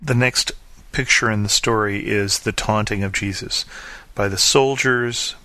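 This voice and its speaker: A male pastor delivers an earnest sermon, reading scripture and then explaining it. His voice is bright and forceful but sits slightly low, and he slows down to stress the key lines. The sound is close and dry. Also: fairly even intonation, no room sound.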